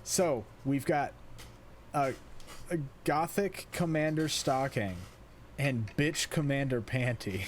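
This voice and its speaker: A man's voice: medium pitch, takes it slowly, slight background noise. A young man co-hosting a casual podcast, laid-back and casually swearing. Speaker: podcast co-host. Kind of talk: casual anime podcast chat.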